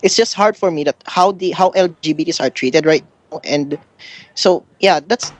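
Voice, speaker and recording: A man in his twenties from the Philippines calling in to a radio show, earnest and halting with many fillers. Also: on the high side, no echo. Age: 20s. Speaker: caller. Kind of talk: phone-in question.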